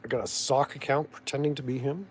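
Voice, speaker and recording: A man's voice: medium pitch, fairly even intonation, fast talker, slight background noise. A man with a Canadian accent giving rambling, sardonic casual commentary, often restarting and losing his thread. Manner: meandering, sardonic, full of restarts and trailing thoughts. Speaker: vlogger.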